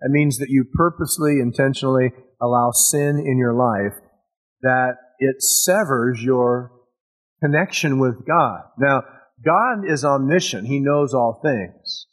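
A male preacher giving a sermon with a husky, slightly breathy voice at a middle pitch. He talks in a casual, eager way and often doubles back on his words. The delivery is enthusiastic and plainspoken rather than formal. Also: unhurried, low-quality recording. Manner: conversational, enthusiastic, with repeated restarts.

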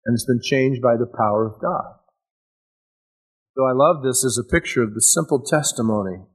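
A man's voice: mid-range voice, normal speed, breathy edge, rough recording. A man preaching a sermon in an enthusiastic, conversational way, often restarting his phrases.

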